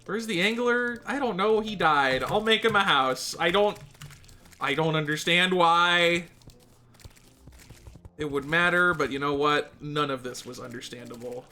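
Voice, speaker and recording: A speedrunner giving live gameplay commentary, excitable and exasperated, talking to themself and the chat. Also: mid-range voice, measured pace. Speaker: speedrunner streaming a game.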